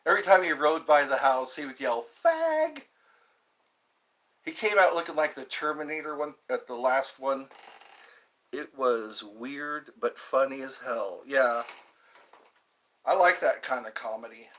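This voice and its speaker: A man's voice: mid-range voice, moderate pace, fairly bright tone. A man hosting a casual livestream, meandering between topics and reading viewer comments aloud before answering them. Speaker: livestream host reading chat. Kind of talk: casual rambling chat.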